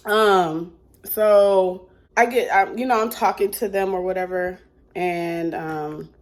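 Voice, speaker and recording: A woman's voice: on the low side, fairly even intonation, slow. A woman telling a storytime vlog into a phone held at arm's length, acting out a phone call as she goes. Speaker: vlogger.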